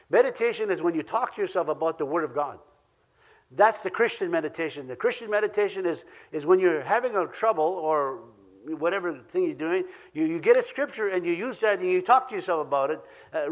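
A man with an Ojibwe accent, pitched notably high for a man, delivers a sermon. He is earnest, drives points home by repeating phrases, and slips in small chuckles as he goes. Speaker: preacher.

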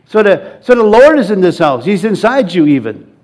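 A middle-aged man preaching with a high-pitched voice. He is animated and laughs often, leading the congregation in laughter. He circles back and restarts his phrases as he builds his point. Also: normal speed. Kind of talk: sermon.

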